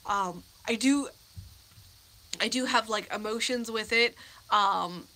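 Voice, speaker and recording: A woman's voice: on the high side, takes it slowly, bright, forceful tone. A woman in her thirties from the United States, chatting in a rambling, teary way on a live stream Q&A. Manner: rambling and emotional, with many restarts and fillers. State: teary, on the edge of crying. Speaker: vlogger hosting a live Q&A. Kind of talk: casual live-stream chat.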